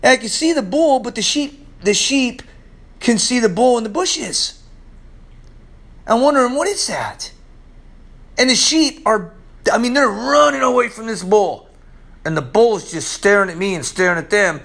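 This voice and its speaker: A man preaching a sermon, telling stories with big swings between loud excitement and hushed, low moments. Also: moderate pace, vocal fry. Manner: animated storytelling preacher, swinging from loud highs to hushed lows. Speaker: pastor.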